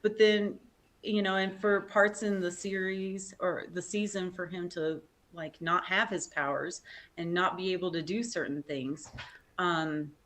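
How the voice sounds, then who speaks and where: A woman guest on a casual live stream chat, speaking slowly in a lowish voice. She talks without hurry, padding thoughts with fillers and small laughs. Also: fairly even intonation, a bit bright. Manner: unhurried, with fillers and light laughs. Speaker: subscriber guest.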